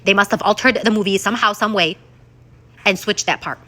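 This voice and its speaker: A woman, chatting through a casual vlog while still congested from an illness, animated and full of exclamations and asides. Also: medium pitch, brisk. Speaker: vlogger.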